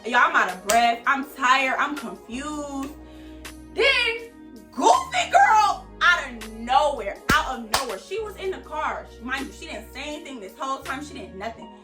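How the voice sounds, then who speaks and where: A young woman telling a personal story to her viewers in a casual, animated, profane way, often calling them y'all. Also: sits high, unhurried, music in the background. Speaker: vlogger. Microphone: camera mic. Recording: roomy echo, distant from mic.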